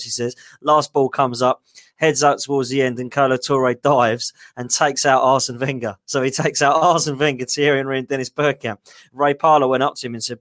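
A man in a casual chat, jumping in to tell a quick, funny anecdote. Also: mid-range voice, steady tone, a bit bright, dry recording, studio quality. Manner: quick, apologetic anecdote telling. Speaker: podcast guest. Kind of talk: casual storytelling.

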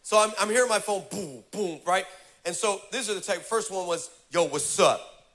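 A male pastor preaching a sermon, telling a funny story with lively, humorous delivery and building to fervent exhortation. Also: sits high, a little fast, faint music behind.

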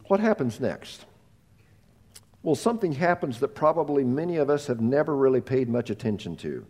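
A man preaching a sermon, telling a story with animated voices and repeating words as he goes. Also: medium pitch. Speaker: pastor.

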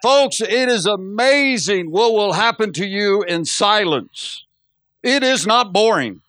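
A man's voice: sits high, slow pace, no room sound, clean studio sound. A middle-aged man preaching a sermon as pastor, telling stories and acting out quotes with laughter. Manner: storytelling, animated, acts out quotes with laughs.

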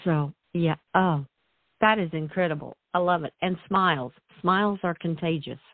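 A woman hosting a casual interview, gushing with praise and laughing softly, heard over call audio. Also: lowish voice, moderate pace, no room sound. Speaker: interview host. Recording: tinny phone-like call audio, dry.

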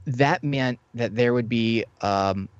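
A man's voice: mid-range voice, slow pace, clear, resonant tone, dry recording, dull audio. A man telling stories about his years as a theme ride tour guide in a casual chat, rambling and acting out the lines he used to say to guests. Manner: rambling storyteller who acts out what he said to guests.

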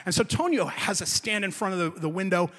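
A man telling a comic personal story to a live audience, lively and emphatic. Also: sits high, a little fast, big-room sound.

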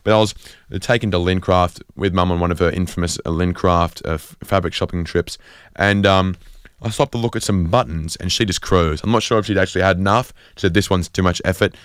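A man's voice: low voice, fairly quick, clear, resonant tone, no echo, clean studio sound. An Australian man hosting a community radio show, rambling through a self-deprecating comic monologue with lots of fillers and restarts. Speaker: radio host.

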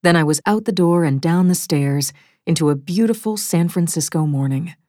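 A woman reading a first-person thriller audiobook in a measured, wry storytelling manner, close to a studio mic. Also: lowish voice, dark tone, no room sound. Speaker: audiobook narrator.

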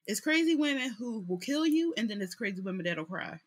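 Young woman on a podcast mic, high-ish voice, swoops all over, super expressive. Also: brisk. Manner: animated, emphatic storytelling. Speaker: podcast co-host. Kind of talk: casual chat about a TV show.

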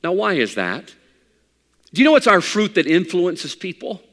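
High-voiced man preaching in a hall. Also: big pitch swings, moderate pace, a bit bright. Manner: conversational preaching with folksy humor. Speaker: pastor. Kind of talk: sermon.

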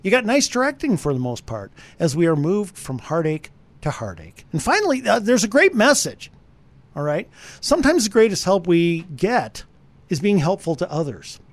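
Male radio film reviewer, animated and chatty, slightly high voice that swings a lot. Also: normal speed, no room sound. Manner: animated, talks straight to listeners. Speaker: movie reviewer, radio co-host. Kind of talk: conversational radio movie review.

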